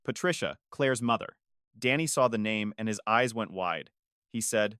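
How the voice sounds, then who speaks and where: Measured man telling a dramatic story. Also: on the low side, lively intonation, pushed and bright, clean tone, no echo, clean studio sound. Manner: measured, confessional. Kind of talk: first-person dramatic story narration.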